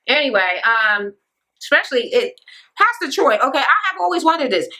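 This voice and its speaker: A woman's voice: high voice, very animated, moderate pace, pushed and bright, low-quality recording. A woman vlogger ranting through a reality TV recap, blunt, sassy and full of profanity, with sarcastic asides to the viewer.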